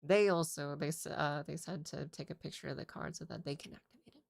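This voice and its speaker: A woman's voice: sits low, steady tone, fairly quick, creaky, no echo. A woman content creator telling a casual story in a rambling, exasperated way, swearing often. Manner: rambling, profane, exasperated retelling.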